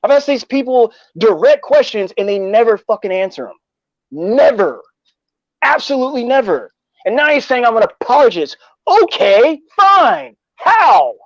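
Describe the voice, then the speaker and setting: A man's voice: extremely high pitch, big pitch swings, normal speed, no room sound, muffled recording. A man co-hosting a boxing talk show, defending himself indignantly and swearing as he argues. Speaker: podcast co-host. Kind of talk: heated casual argument.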